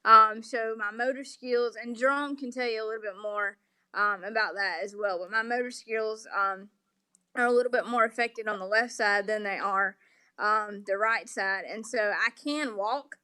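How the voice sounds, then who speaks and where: Woman, Southern accent, interview guest, bright clear tone, slightly high voice, patient and polite. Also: normal speed. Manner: polite, explanatory, many um fillers. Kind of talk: remote interview conversation.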